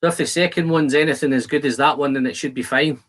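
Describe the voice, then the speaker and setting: A man's voice: on the high side, fairly even intonation, fast talker, a bit bright. A man hosting a casual whisky-tasting livestream from his shed, bantering with viewers and reading their comments aloud in a jokey, chatty way. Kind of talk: casual live-stream chat while tasting whisky. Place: home shed.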